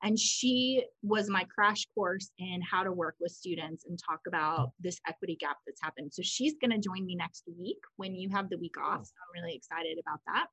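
A woman's voice: on the low side, moderate pace, hardly any pauses, slightly rough, dry recording, rough recording. A woman co-hosting a conversational show, explaining ideas in a chatty, storytelling way. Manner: chatty, animated storytelling with quoted voices. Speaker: podcast co-host.

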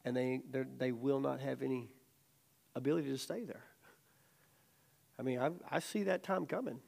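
A middle-aged man teaching a casual Bible study as a sermon, telling stories animatedly and acting out quotes loudly. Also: mid-range voice, moderate pace, vocal fry.

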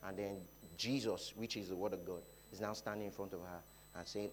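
A Nigerian man preaching a sermon, dropping to quiet talk and rising to loud shouts, often repeating his phrases. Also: deep voice, fairly even intonation, fairly quick, few pauses, slight background noise. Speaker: pastor. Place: church hall.

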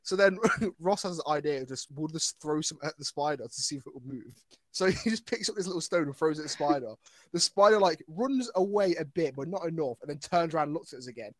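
A man co-hosting a podcast, telling an anecdote in an excitable way and swearing often. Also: fairly high pitch, fast talker, dry recording. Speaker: podcast co-host. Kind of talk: casual chat, storytelling.

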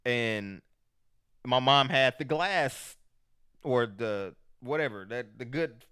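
A man's voice: mid-range voice, expressive, slow pace, bright, forceful tone, clean tone. A man in casual chat, speaking candidly and with profanity.

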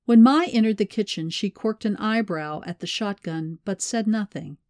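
In clean studio sound without any echo, a medium-pitched woman reads a scripted audiobook narration, keeping her storytelling measured and even.

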